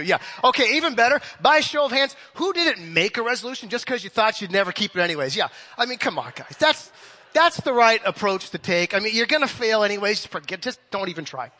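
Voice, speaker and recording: Energetic guy preaching, jokes around w the crowd, big church hall echo, bright tone. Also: high-pitched. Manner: energetic, joking, asks the crowd questions. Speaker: pastor. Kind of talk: sermon.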